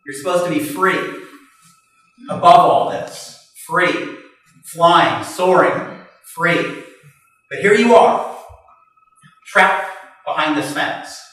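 A man's voice: a little high, expressive, slow pace, pauses often, pitched below the performer's own voice. A man voicing a wise old male eagle who earnestly coaxes a young one, heard from a distance in an echoey hall. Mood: urging. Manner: earnest, coaxing, soft and urging. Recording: echoey hall from far off, faint music.

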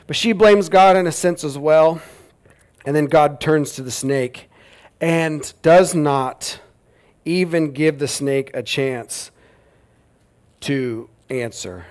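A man's voice: on the high side, takes it slowly, darkish tone. A man preaching a sermon in a casual, joking, conversational way, talking with his audience. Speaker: pastor.

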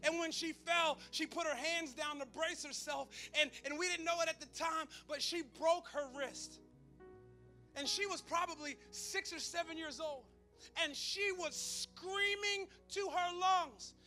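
High bright-voiced preaching man. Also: a little slow, soft background music. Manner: emphatic preaching with call-outs to the congregation; conversational storytelling with humor. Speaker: pastor. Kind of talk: sermon.

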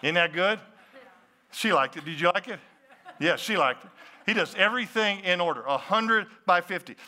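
Pastor, lively preaching with asides to the crowd, bright voice. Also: male voice, sits high, normal speed. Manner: animated, talks to the crowd with questions and asides. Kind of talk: sermon.

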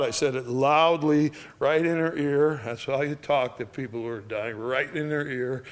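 An older man speaking plainly and gently, telling stories about death and dying with many pauses. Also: medium pitch. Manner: folksy, plain-spoken, gentle with frequent pauses. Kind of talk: casual storytelling talk.

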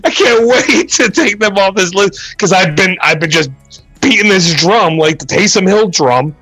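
A man's voice: high-pitched, expressive, moderate pace, pushed and bright, dry recording, soft background music. A man co-hosting a sports podcast, telling a story with self-mocking humor and frequent laughs. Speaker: podcast co-host. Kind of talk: casual sports chat. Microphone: remote call mic.

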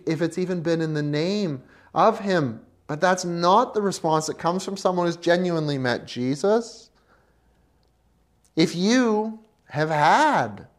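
Preacher, sermon, unhurried delivery, mid pitch, impassioned, hushed-to-loud dynamics. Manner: passionate, swings from hushed to loud and emphatic; addresses listeners as friend.

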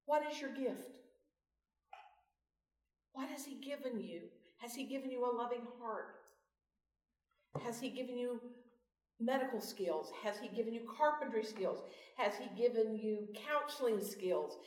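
A woman's voice: fairly high pitch, a little slow, long pauses, a little mellow. Lady leading bible study, folksy, lots of questions, echoey room, mic far away. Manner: folksy, asks the group questions. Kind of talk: devotional teaching.

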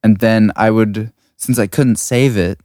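A man's voice: lowish voice, steady tone, measured pace, a little mellow, no room sound. A young man, a music producer, chatting casually with lots of fillers in a studio. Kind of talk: casual chat. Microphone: studio mic.

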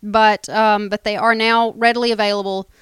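A woman's voice: medium pitch, level tone, moderate pace, fairly bright tone, clean tone, no room sound. A woman co-hosting a casual podcast, offering wry, nitpicky commentary on a TV show. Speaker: podcast co-host. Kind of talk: casual fan podcast chat.

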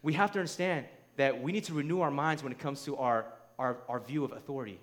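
A man preaching a sermon in a conversational, emphatic way, often checking in with "right?" and building to near shouts. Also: mid-range voice, quick pace. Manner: conversational, asks the crowd "right?".

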